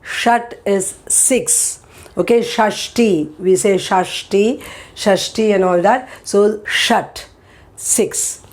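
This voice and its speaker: A woman's voice: medium pitch, slow pace, a little mellow. A woman, patiently teaching pronunciation and repeating each word for learners. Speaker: language teacher. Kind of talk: pronunciation lesson.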